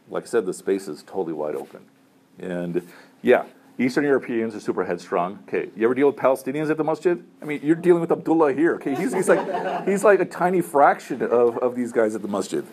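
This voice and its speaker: In a room with a group of students, a middle-aged Muslim chaplain offers casual, conversational advice, frequently checking in with "right?" and "okay?". His voice is lowish and a little mellow.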